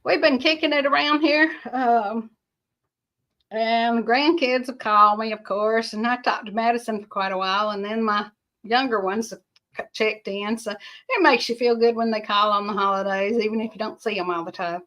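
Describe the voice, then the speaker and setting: A woman's voice: a little high, steady tone, moderate pace, fairly bright tone. Folksy older woman streaming live. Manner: folksy, rambling, chatty. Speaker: livestream host. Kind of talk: casual livestream chat, reading viewer comments.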